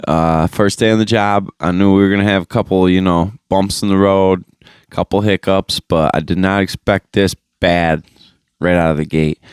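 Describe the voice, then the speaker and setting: A young podcast host rants through a casual solo episode, swearing constantly, rambling, piling up fillers, and mocking others with high-pitched impressions. His low voice is smooth and resonant, with a steady tone and moderate pace. Recorded on a phone mic, it sounds dry and close with no room sound.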